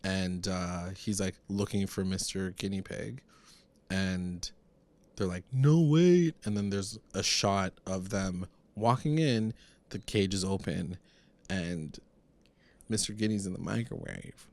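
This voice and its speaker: A man's voice: sits low, unhurried, vocal fry. A man co-hosting a podcast, recapping a TV episode in casual chat, rambling and full of fillers. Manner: rambling, filler-heavy, retells scenes. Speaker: podcast co-host.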